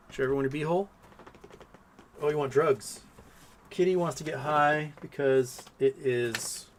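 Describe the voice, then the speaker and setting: A man's voice: fairly high pitch, slight background noise. A man hosting a casual livestream, reading viewer comments aloud and chatting to his pets between them. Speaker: livestream host.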